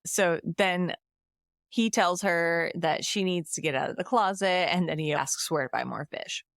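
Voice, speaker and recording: Low-voiced woman recapping a film. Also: moderate pace, gravelly, dry recording, clean studio sound. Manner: animated retelling with acted quotes. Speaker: podcast host. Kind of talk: casual plot recap.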